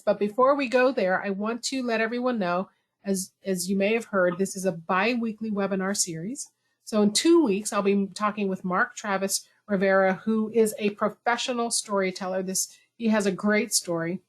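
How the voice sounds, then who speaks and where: Woman webinar host on a video call, middle-pitched, chatty and self-deprecating. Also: normal speed. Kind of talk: conversational webinar talk.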